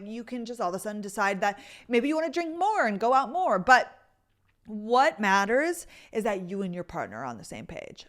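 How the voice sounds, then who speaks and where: A young woman in her twenties hosting a podcast, chatting casually and telling stories with lots of "like" fillers. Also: mid-range voice. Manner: chatty, fillers like "like", animated storytelling. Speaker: podcast host. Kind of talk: casual chat.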